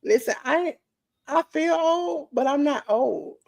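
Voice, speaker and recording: A woman's voice: high-pitched, expressive, takes it slowly, gravelly, a little mellow. A woman, a guest in a casual chat, telling stories animatedly and acting out the voices she quotes.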